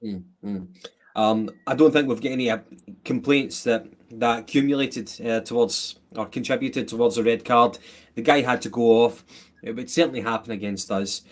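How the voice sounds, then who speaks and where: Man, Scottish accent, podcast host, football review, measured, hesitant. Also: medium pitch.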